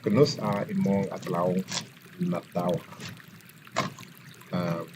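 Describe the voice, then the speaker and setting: A man in his thirties, a language-learning vlogger chatting casually and breaking into excited whoops while drilling phrases outdoors. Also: low voice, takes it slowly, background noise. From United States. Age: 30s. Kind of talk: casual study vlog. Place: outdoors, walking.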